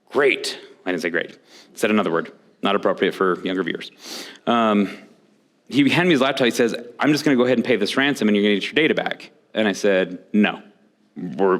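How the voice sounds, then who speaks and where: Low-voiced guy giving a conference talk, candid, tells stories and acts out quotes. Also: a bit bright. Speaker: conference speaker.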